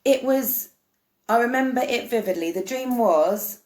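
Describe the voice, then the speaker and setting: A woman's voice: fairly high pitch, measured pace, a little mellow. A woman earnestly explaining spiritual ideas to camera in a casual, meandering way, often restarting her sentences. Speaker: spiritual vlogger. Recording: roomy echo.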